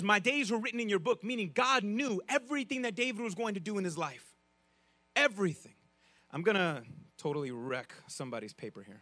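A man preaching a sermon in a conversational, animated way, with frequent restarts and asides to the congregation. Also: sits high, dry recording. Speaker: pastor.

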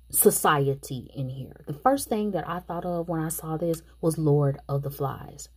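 A woman's voice: lowish voice, a little mellow, husky. A woman casually recapping a movie plot and chatting her opinions straight to the viewers. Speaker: movie reviewer.

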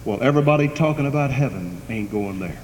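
Talking fast in a darkish, medium-pitched voice with lively intonation, a pastor delivers an emphatic sermon. His volume swells and falls for effect. The recording captures an echoey church hall with faint background noise.

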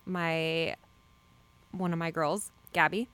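A woman's voice: low voice, level tone, slow pace, fairly bright tone, smooth. A woman guest on a casual podcast giving blunt, short answers and swearing casually.

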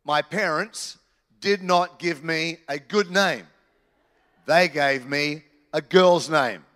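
A man preaching a sermon in church, animated and joking with the congregation. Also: a little high, slow, big-room sound. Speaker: pastor. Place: church hall.

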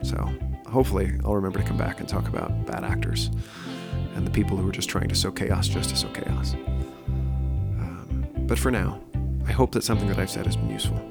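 Earnest man with a gravelly, low voice. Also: expressive, a little fast, over loud music. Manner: earnest, thinking aloud with frequent fillers. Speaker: podcast host. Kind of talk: solo opinion podcast monologue.

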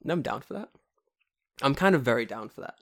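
A man's voice: medium pitch, animated, fairly quick, fairly bright tone. Brief: young male host, loose banter, swears freely, always joking. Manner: profane, joking, laughs often. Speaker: podcast host. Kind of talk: casual chat.

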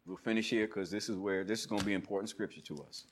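Over a noisy background, a fast-talking pastor with a fairly low voice gives an animated sermon, shifting from shouting to murmuring. He draws the congregation into call-and-response and laughs as he tells stories.

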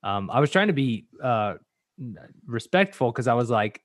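A man's voice: mid-range voice, very animated, normal speed, dry recording, studio quality. A man hosting a casual podcast, joking and rambling with lots of fillers. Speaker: podcast host.

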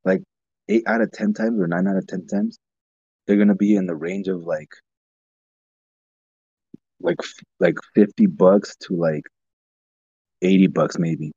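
Relaxed male co-host, husky and lowish, meandering casual talk, dull dry recording. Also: a little slow, pauses often, dry recording. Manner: rambling, heavy use of "like", laid-back. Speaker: podcast co-host. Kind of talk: casual chat.

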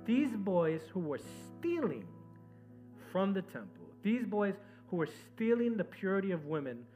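A man with a notably high voice preaches to his church. He moves from loud, pressing exhortation to quiet, low retelling of the story. Faint instrumental music plays beneath his words. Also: big pitch swings, measured pace. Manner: preaching with swings from loud and urgent to soft and low. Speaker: pastor. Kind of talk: sermon.

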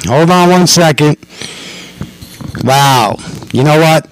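A man with a New York accent hosting a podcast from home, talking loudly, excitably and with plenty of swearing. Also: a little high, drawn-out words, long pauses, slight background noise. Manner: loud, profane and excitable. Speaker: podcast host. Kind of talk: casual podcast chat. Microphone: headphones and mixer.

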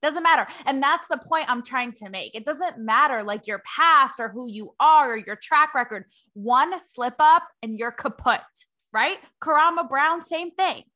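A young woman reporter hosting her own show, talking to camera in a sarcastic, animated way and laughing between points. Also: sits high, measured pace, few pauses. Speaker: reporter and host. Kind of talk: opinionated talk to camera.

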